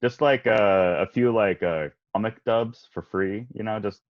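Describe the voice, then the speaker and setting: A young man talking casually in an interview about wanting to do voice acting, hesitant and soft-spoken, with plenty of fillers. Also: fairly low pitch, measured pace, dry recording. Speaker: guest, aspiring voice actor. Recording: muffled, lo-fi audio.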